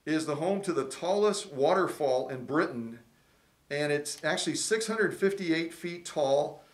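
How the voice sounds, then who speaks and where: A middle-aged man hosting a fundraiser livestream, chatty and folksy, rambling through trivia in a casual way. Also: on the high side. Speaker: fundraiser host.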